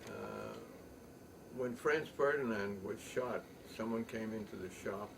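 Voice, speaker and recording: Older man rambling, gravelly and slow. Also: lowish voice, wildly swooping pitch. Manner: halting, many ums and restarts. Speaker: poet and storyteller. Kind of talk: rambling spoken reminiscence. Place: home loft. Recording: distant mic, faint room noise.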